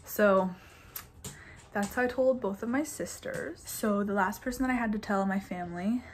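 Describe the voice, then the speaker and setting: Young woman vlogger, twenties, casual storytime delivery, filler-heavy, mid-pitched voice. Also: moderate pace, a little hiss or hum. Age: 20s. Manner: chatty, says "like" constantly, laughs between bits.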